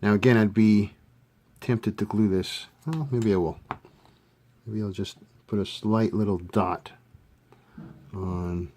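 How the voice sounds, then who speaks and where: Man, low voice, casual modeling tutorial, relaxed, thinking aloud, frequent fillers. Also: takes it slowly, pauses often, a little hiss or hum. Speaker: scale model hobbyist demonstrating a kit build.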